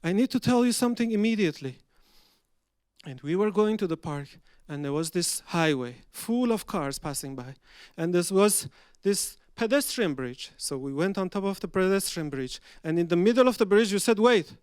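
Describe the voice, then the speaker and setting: A man from Iran, performing a personal story on stage and acting out the dialogue with swings between loud and hushed delivery. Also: high-pitched, animated, moderate pace, hardly any pauses, clear, resonant tone, dry recording, studio quality.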